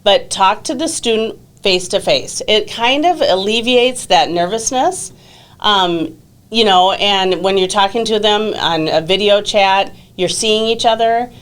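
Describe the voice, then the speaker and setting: Woman, podcast guest, relaxed conversational delivery. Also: mid-range voice, unhurried, clear, resonant tone. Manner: relaxed, chatty, many fillers. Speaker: exchange student coordinator. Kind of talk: casual podcast interview.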